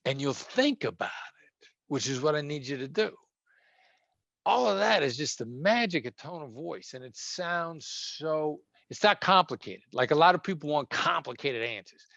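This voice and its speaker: A man being interviewed as a former hostage negotiator, talking conversationally and acting out tones of voice that move between gentle and sharp. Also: a little high, lively intonation, normal speed, creaky, no room sound, muffled recording.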